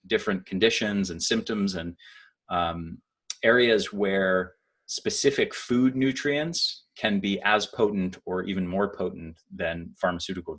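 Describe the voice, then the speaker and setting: Deep-voiced male podcast host. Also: fairly bright tone. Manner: enthusiastic, admiring questions with restarts. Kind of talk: podcast interview.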